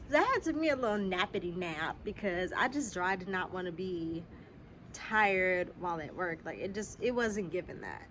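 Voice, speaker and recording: A young woman, telling a casual storytime vlog straight to her viewers. She is a little sick and keeps clearing her throat, and her talk is animated and full of swearing. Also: fairly low pitch, moderate pace, a little hiss or hum. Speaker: vlogger. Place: outdoors.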